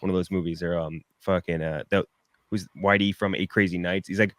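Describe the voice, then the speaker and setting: A man on a podcast as a guest, telling stories in rapid run-on sentences full of fillers, in casual chat. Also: low voice, steady tone, a bit bright, no room sound, studio quality.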